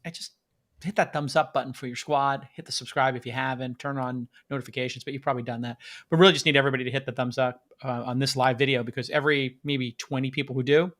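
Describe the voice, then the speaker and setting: A man hosting a live-streamed podcast, talking excitedly and hyping up his audience. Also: medium pitch, fast talker. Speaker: podcast host.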